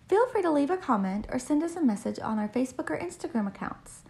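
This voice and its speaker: A female podcast co-host reads and chats in a brisk, teasing way. Her voice sits high and has a gravelly edge. Her pitch moves about a lot. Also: very animated, a little mellow. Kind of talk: podcast outro and storytelling.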